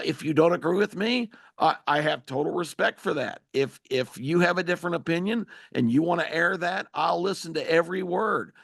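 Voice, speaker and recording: A man's voice: fairly high pitch, gravelly, fairly bright tone, no echo, studio quality. A man hosting a talk radio show, giving emphatic, opinionated political commentary.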